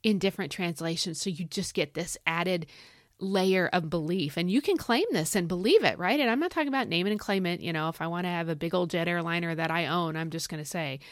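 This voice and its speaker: Woman host, Bible teaching, animated, folksy, dry close sound. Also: fairly low pitch, brisk, no echo. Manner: animated, folksy, emphatic with y'all. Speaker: podcast host.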